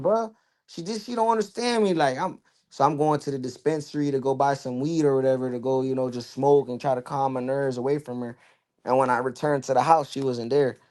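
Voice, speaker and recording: Telling his own story as a podcast guest, this young man speaks in a mid-range, slightly mellow voice. The interview has a casual storytelling feel, loose and candid, packed with "you know" and "bro".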